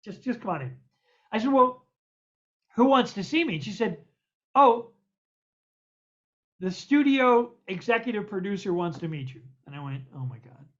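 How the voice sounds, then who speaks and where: A man's voice: high voice, expressive, a little fast, fairly bright tone. An older American man tells his stories with animation and acts out each voice in them. He stumbles and repeats himself as he goes. The recording is dull and lo-fi. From United States. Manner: stammers and repeats words. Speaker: guest poet. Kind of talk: anecdotal storytelling in an interview.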